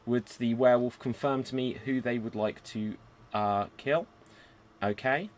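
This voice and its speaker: A man's voice: mid-range voice, measured pace. A man with a British accent hosting a live improv game as game master, upbeat and theatrical.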